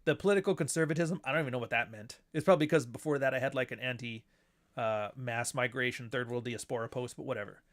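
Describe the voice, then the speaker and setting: A man with a mid-range voice and quick pace hosts his own show in a casual monologue. Blunt and profane, he occasionally mocks others by putting on voices.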